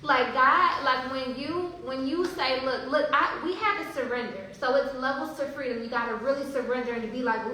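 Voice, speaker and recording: A woman telling a travel story in a casual, animated way, laughing often and talking about spiritual signs. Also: high voice, normal speed, few pauses. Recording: very echoey room with faint hiss.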